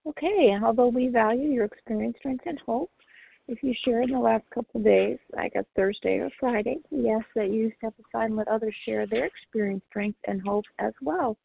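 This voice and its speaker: A woman chairing a recovery meeting, brisk and organized, calling and repeating names. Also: on the high side, creaky, a little hiss or hum. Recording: tinny phone line.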